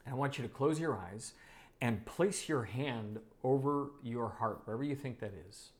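A man's voice: medium pitch, moderate pace. A man teaching a leadership course module, emphatic and fond of repeating phrases for effect. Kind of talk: online course lesson.

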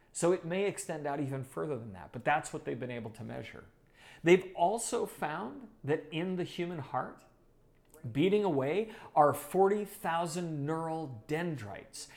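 A man's voice: fairly high pitch, vocal fry. A man teaching a leadership course module, emphatic and fond of repeating phrases for effect. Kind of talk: online course lesson.

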